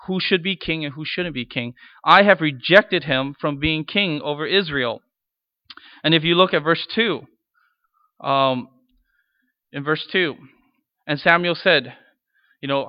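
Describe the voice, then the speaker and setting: A man's voice: a little high, normal speed, highs cut off. A man preaching a sermon in a conversational way, retelling scripture scenes in casual voices. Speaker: pastor.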